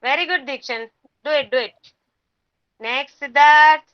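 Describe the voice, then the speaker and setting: A woman teaching a kindergarten class over a video call, patient and slow, repeating each word for the children. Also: high-pitched, dry recording, lo-fi sound.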